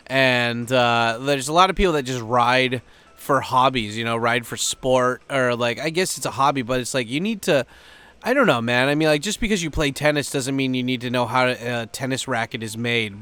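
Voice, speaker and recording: A man's voice: mid-range voice, a bit bright, clean tone, dry recording. A man vlogging in a loose, rambling way, swearing freely and leaning on fillers. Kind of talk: casual chat to camera.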